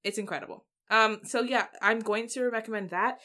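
A woman's voice: a little high, normal speed, sharp tone. A woman co-hosting a podcast in easy, casual chat. She tells stories with animation and acts out her own remarks. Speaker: podcast co-host.

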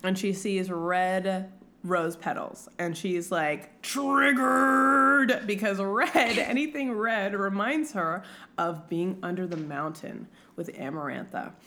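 A woman co-hosting a casual book chat, retelling a story in an animated way. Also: on the low side, slow pace, a little hiss or hum. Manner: animated storytelling, acting out characters.

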